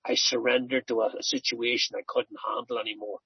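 A man's voice: mid-range voice, animated, a little fast, vocal fry, husky, dry recording, dull audio. A middle-aged man giving an earnest personal recovery testimony, telling stories and often repeating himself. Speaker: recovery speaker.

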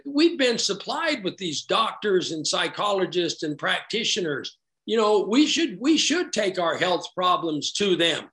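A man's voice: high-pitched, a bit bright. Rambling middle-aged man sharing his story. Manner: rambling, conversational and self-deprecating, with wry asides. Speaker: recovery meeting speaker. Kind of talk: personal recovery story told to a group.

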